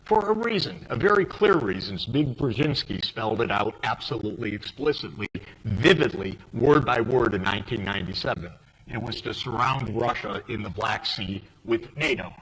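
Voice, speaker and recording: An older American man speaking emphatically and indignantly on a panel, his voice rising to sharp outbursts. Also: fairly low pitch, lively intonation, normal speed, poor audio. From United States. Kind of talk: impassioned panel speech. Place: forum hall.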